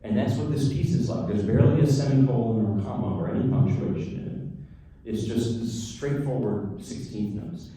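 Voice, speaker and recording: A pianist speaking informally between pieces at a lecture recital, chatty and digressive, with frank asides. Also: male voice, medium pitch, brisk, dark tone. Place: concert or recital hall. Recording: very echoey hall, voice far from mic.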